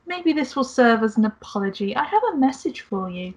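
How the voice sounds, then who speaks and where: A woman's voice: fairly high pitch, sing-song, brisk, breathy edge, heavily acted. A woman reading a text game aloud, voicing a smug male spy with a put-on French accent, sly and teasing. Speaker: guest reader.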